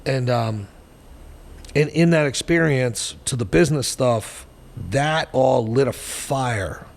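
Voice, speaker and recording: A man in his forties telling his story as a podcast guest, in a blunt, profane and animated way. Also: medium pitch, takes it slowly, creaky, in a large hall. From New Hampshire, US. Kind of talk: storytelling interview.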